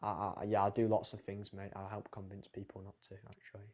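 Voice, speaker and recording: A man's voice: fairly low pitch, completely flat delivery, quick pace, warm tone, a little hiss or hum. Mancunian man, teasing and mumbly. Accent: Mancunian English. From Manchester, England. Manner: teasing, mumbling, calls people mate. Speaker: guest on a live stream debate. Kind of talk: casual argumentative chat.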